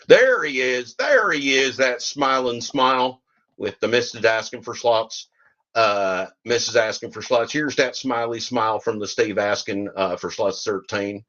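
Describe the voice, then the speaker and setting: A man's voice: deep voice, fairly bright tone, dull audio. A man hosting a podcast, giving rambling, sardonic commentary and often repeating himself. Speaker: podcast host.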